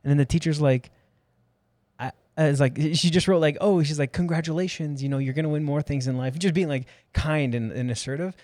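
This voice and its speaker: A man interviewing a guest in casual conversation, relaxed and rambling with many fillers. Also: on the high side, brisk, no echo.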